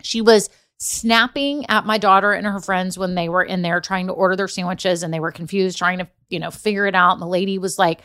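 A woman's voice: mid-range voice, moderate pace, a bit bright, clear, resonant tone. Chatty woman coaching business owners. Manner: chatty storyteller, addresses listeners as y'all. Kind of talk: casual motivational talk.

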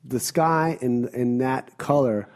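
A young man with a mellow, mid-pitched voice chats loosely as a co-host. He swears casually and leans on fillers as he talks. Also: takes it slowly. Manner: loose, profane, full of fillers like "you know". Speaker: podcast co-host. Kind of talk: casual chat.

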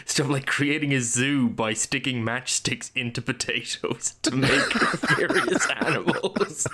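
A man's voice: medium pitch, unhurried, sharp tone. A man co-hosting a podcast in casual chat, telling stories and laughing. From Ireland. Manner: storytelling, laughing. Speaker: podcast co-host.

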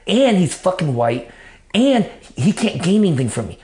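A man's voice: sits high, very animated, normal speed, a little mellow. A man being interviewed, telling his life story in blunt, profane casual talk and acting out the things he told himself back then. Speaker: interview guest. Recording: roomy echo.

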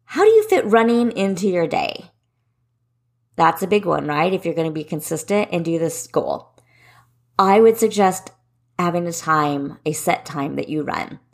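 A woman's voice: on the low side, very animated, moderate pace. A woman in her forties hosting a solo podcast, giving running tips in a direct, encouraging way. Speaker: podcast host and running coach.

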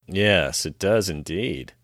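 A man co-hosting a podcast, narrating an episode scene by scene with dramatic, measured storytelling and dry asides. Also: sits low, lively intonation, a bit bright, no room sound. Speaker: podcast co-host recapping an episode.

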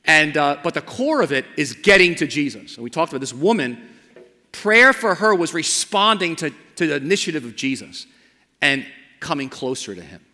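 A man preaching a sermon as pastor of his church. He builds to emphatic repeated lines, then drops to a soft, slow invitation. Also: on the high side, sing-song. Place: church sanctuary. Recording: long church hall reverb.

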